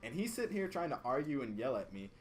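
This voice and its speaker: A young man, podcast co-host, telling a work story in a casual, profane, animated way and acting out both sides. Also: medium pitch, fast, slight background noise.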